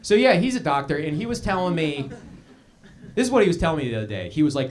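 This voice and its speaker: A young man hosting a live comedy show, telling a stand-up bit on stage with an animated delivery and quick put-on voices. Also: fairly high pitch. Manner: animated, puts on voices for quoted people.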